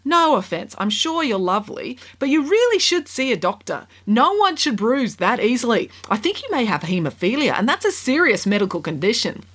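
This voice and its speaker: A woman's voice: on the high side, big pitch swings, a little fast, few pauses, fairly bright tone, slightly rough, pitched above the performer's own voice, exaggerated voice. A petulant young prince, put on by a woman. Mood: indignant. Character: whiny entitled young prince.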